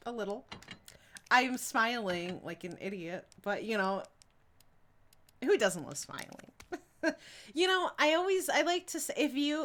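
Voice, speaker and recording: A woman's voice: on the high side, fairly bright tone. A young adult woman streaming a game, chatting casually with her viewers, giggling often and reading their messages aloud. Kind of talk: casual live-stream chat while gaming.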